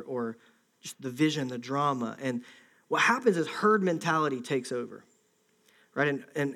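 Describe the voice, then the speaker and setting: A man's voice: on the high side, fairly bright tone. A man preaching a conversational sermon, acting out the voices of an angry crowd. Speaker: pastor.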